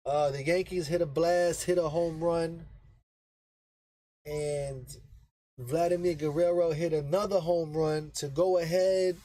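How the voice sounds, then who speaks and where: A man with a high-pitched voice talks baseball in a loose, rambling way, checking in with "right?" after nearly every point. He speaks slowly and repeats himself for emphasis. The sound is dry and close, with no room around it. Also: steady tone, warm tone, dry recording, poor audio. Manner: rambling, explains with frequent "right?" tag questions. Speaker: baseball podcast host. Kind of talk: casual sports talk.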